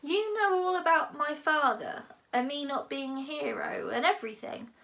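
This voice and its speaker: A woman's voice: high-pitched, moderate pace, vocal fry, a bit bright, pitched above the performer's own voice. A woman voicing a young boy who is earnest and worried, speaking anxiously. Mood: incredulous. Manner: anxious, pleading.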